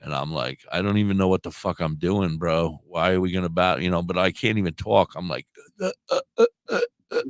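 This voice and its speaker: Low-voiced man with a sore throat. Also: fast, hardly any pauses, dry recording. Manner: animated, acts out quoted dialogue, swears freely. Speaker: puppeteer and live streamer. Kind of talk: casual storytelling on a radio talk show.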